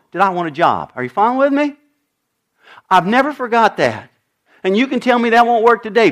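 A middle-aged male pastor preaching, his voice pitched high and swinging widely up and down. He tells stories and puts on little voices for the people in them. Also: a bit bright. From United States. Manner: storytelling, acts out dialogue with shifting voices. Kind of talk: sermon.

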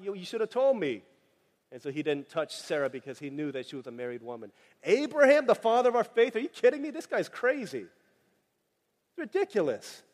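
A man with a high voice preaches a lively, joking sermon, jumping into the voices of the people he tells about. His words ring out with a long reverb, as in a church sanctuary. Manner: animated, joking asides, acts out quoted voices. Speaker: pastor.

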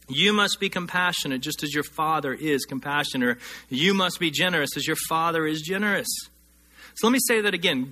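A preaching man with a high, very bright and forceful voice. He delivers his sermon earnestly, slowing down and lifting his pitch to drive home each scripture. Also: animated. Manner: earnest preaching, slows and rises to stress scripture. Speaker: pastor.

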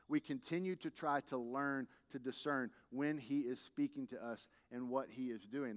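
A man's voice: medium pitch, in a large hall. A man preaching a sermon as a pastor, telling humorous stories in a conversational way and rising to emphatic peaks. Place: church sanctuary.

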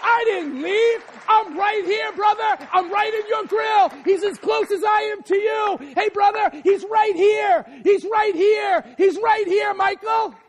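A man's voice: extremely high pitch, unhurried, hardly any pauses, raised voice, some chatter behind, voice pushed up. A male preacher voicing God as a close, tender fatherly figure, speaking to a listener in a church. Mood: urgent, insistent.

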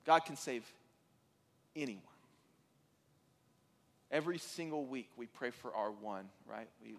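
A man preaching a sermon as pastor, earnest and conversational, with occasional fillers and restarts. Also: medium pitch. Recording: reverberant hall.

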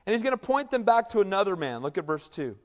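A pastor with a high-sitting voice preaches fast in a church, his words echoing with a big-room sound. His sermon is animated and conversational, and he keeps tossing "right?" out to the congregation.

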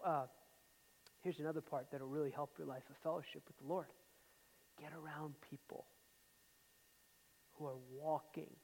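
A man preaching a sermon with a slightly high voice, telling personal stories with force and then sinking to soft asides. His voice rings through a church sanctuary with a long reverb tail. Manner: emphatic storytelling, dropping to quiet asides.

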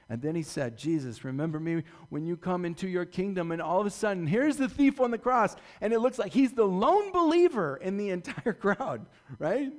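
Male pastor, slightly high voice, dramatic sermon delivery with sudden loud and quiet passages. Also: lively intonation, brisk. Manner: dramatic retelling, swings from loud to hushed.

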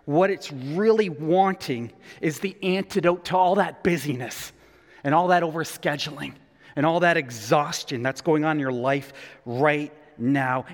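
A man preaching a sermon in an animated, conversational storytelling way. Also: on the high side, in a large hall. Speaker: pastor.

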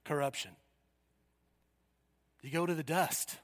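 A man preaching a sermon, emphatic and full of rhetorical questions, swinging from loud declarations to hushed asides. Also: a little high, slow pace. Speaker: pastor. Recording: long hall reverb.

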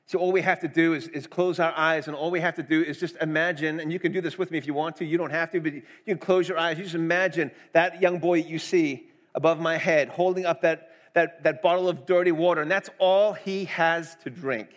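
A man's voice: a little high, steady tone, fairly quick, few pauses. A middle-aged man preaching a sermon, earnest and conversational, asking the congregation questions. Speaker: pastor.

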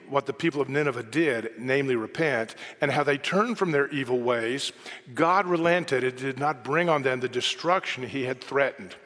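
A man preaching a sermon in a conversational way, moving between soft, quiet asides and emphatic quoted lines. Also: mid-range voice. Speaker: pastor. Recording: reverberant hall.

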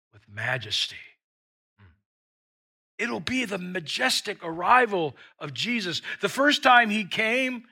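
Brief: emphatic male pastor with a high, ringing voice, preaching. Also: sharp tone. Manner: emphatic, repeats words for stress. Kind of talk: sermon. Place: church with an online audience.

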